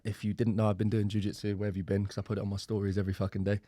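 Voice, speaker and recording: A man's voice: lowish voice, little pitch movement, rapid-fire, mellow, no room sound. A young man with a London accent hosting a podcast in casual, blunt chat that is full of swearing. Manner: blunt, swears freely, loose and chatty. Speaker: podcast host.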